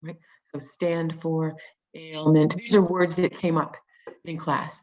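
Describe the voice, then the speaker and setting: A woman's voice: deep voice, flat delivery, slow pace, darkish tone, rough recording. A woman presenting an online teaching webinar, explaining step by step with frequent ums and restarts, on a video call mic.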